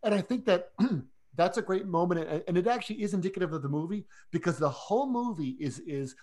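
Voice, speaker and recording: Eager man talking movies, slightly high voice. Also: a little fast. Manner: eager and animated, stumbles and repeats words. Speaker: podcast co-host. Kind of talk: casual film discussion.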